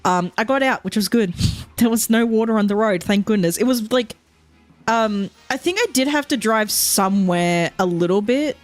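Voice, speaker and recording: Woman streamer, mid-range voice, loose rambling chat full of swearing and laughs, quiet game music under her. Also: mid-range voice, moderate pace. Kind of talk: casual chat while playing a game.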